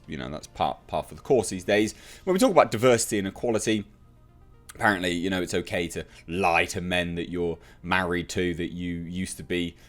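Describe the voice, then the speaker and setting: A British man hosting an opinionated TV review, ranting bluntly and sarcastically. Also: low voice. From Britain. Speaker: TV reviewer host.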